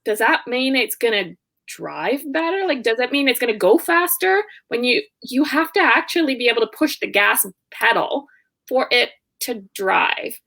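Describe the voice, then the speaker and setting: A woman's voice: fairly high pitch, very animated, moderate pace, gravelly, pushed and bright. A young woman, a guest in a casual interview, telling stories and acting out both sides of conversations, often laughing as she talks. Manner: laughs often while talking. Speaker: guest, online business owner.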